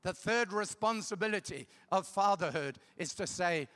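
A man's voice: sits high, moderate pace, hardly any pauses, a bit bright. A middle-aged man preaching a sermon, emphatic, repeating key words and checking in with the audience. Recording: long reverb of a large hall.

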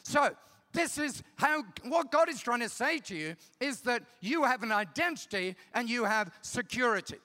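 A man's voice: very high voice, lively intonation, normal speed, sharp tone. A middle-aged man preaching a sermon, emphatic, repeating key words and checking in with the audience. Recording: long reverb of a large hall.

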